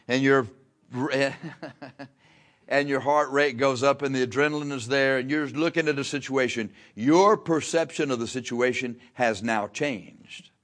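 A man's voice: medium pitch, gravelly, a bit bright. A man preaching a sermon in a plain-spoken, folksy way, pushing key words with emphatic rises and repeating phrases for effect. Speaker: pastor.

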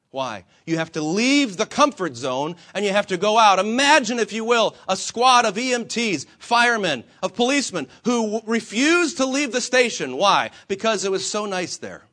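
A male pastor's high, bright voice comes across forcefully as he preaches to fellow believers. He shifts emphasis, asks rhetorical questions and dramatizes the quoted voices of himself and the Lord.

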